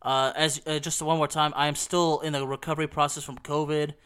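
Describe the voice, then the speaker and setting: A hoarse man talks casually into the mic, his voice bright and smooth beneath the roughness. He rambles with many "you know" fillers as he hosts his show. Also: fairly high pitch, little pitch movement, fairly quick. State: hoarse and coughing while recovering. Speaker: podcast host. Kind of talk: casual solo talk about video games.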